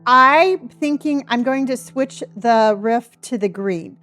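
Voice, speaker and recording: A woman's voice: on the high side, takes it slowly, fairly bright tone, soft background music. A middle-aged woman chatting casually with viewers on a live stream, bubbly and talkative, greeting and thanking them by name.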